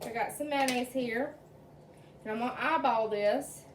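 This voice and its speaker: A woman's voice: a little high, moderate pace, noisy background. A woman hosting her own cooking channel, talking viewers through a recipe in a chatty, homey way with plenty of fillers, recorded in her home kitchen. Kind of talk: casual cooking demonstration. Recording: roomy, distant sound.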